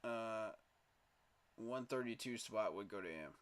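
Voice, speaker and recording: A man's voice: lowish voice, measured pace. A man hosting a casual solo livestream, thinking aloud in a tired, muttering way and often repeating himself. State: tired, yawning. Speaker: fan podcast host.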